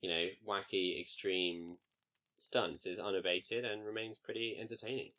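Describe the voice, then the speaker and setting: Man, casual co-host, lowish voice, measured and wry, muffled lo-fi audio. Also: fairly even intonation, bright, forceful tone. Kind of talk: casual chat.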